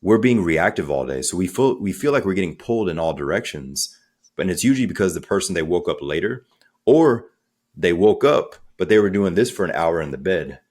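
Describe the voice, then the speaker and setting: A man speaking as a coach in a podcast interview, energetic and conversational, acting out little quotes as he talks. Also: deep voice, brisk. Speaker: guest, transformational coach.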